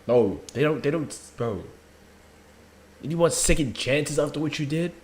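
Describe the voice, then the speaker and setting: A man's voice: fairly high pitch, expressive, moderate pace. A man hosting a live stream, reacting to a video with blunt, profane, heated outbursts.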